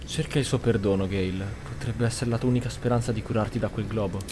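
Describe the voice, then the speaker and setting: A man's voice: fairly low pitch, steady tone. Guy chatting over his game, joking asides, game music under him. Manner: casual, joking, quick asides. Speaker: gaming streamer. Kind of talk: casual game commentary.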